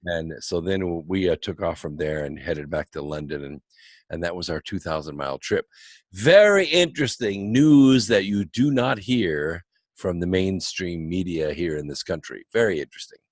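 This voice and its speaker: A man with a lowish voice that rises and falls a lot as he spins an anecdote. He sounds animated and wry. The sound is dry and close, with little room. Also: normal speed, no room sound. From United States. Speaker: guest author. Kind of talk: anecdotal storytelling.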